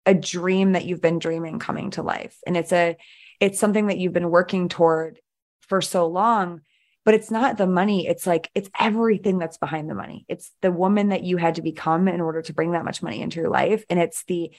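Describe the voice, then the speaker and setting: A woman guest on a mentoring podcast, telling her story with animated emphasis and frequent "like"s. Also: lowish voice, fairly quick. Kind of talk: energetic storytelling in conversation.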